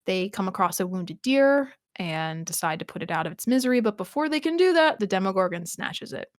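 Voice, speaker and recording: A woman co-hosts a casual rewatch podcast, recapping scenes and thinking aloud in a chatty way, with frequent restarts and laughs. Her medium-pitched voice has lively intonation and sits close and dry on the mic, with no echo or room sound.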